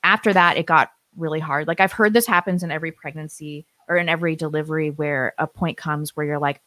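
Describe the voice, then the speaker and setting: A woman co-hosting a live stream, telling her story in a casual, animated way, acting out what people said and laughing often. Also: deep voice, fast talker, no echo.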